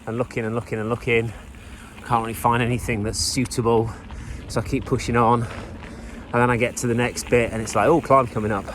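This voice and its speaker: A man's voice: mid-range voice, flat delivery, brisk, slight background noise. A man, a bikepacking racer, giving a chatty, rambling spoken recap of his ride outdoors, with self-deprecating asides. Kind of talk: casual spoken recap while riding. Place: outdoors on a trail, riding a bike.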